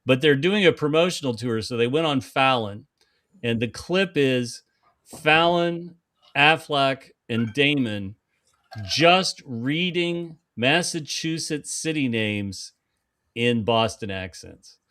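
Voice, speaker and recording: A man co-hosting a podcast, chatting casually and telling stories in an animated, playful way. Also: mid-range voice, slow pace, no echo, studio quality. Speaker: podcast co-host. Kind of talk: casual chat and joke telling.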